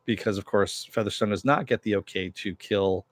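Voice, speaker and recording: A man's voice: fairly low pitch, moderate pace, dry recording. A man giving a casual, rambling recap of a TV episode, full of fillers and asides. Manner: rambling, filler-heavy storytelling. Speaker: TV recap reviewer.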